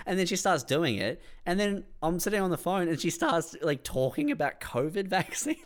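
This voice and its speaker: A man's voice: mid-range voice, very animated, a little fast, hardly any pauses. A man co-hosting a podcast, teasing and swearing in casual comedic chat. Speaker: podcast co-host.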